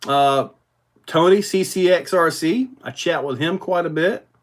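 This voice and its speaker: A man hosting a casual livestream, rambling in a relaxed way with many fillers while answering viewer comments. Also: on the high side, a little slow. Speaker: RC hobby livestream host.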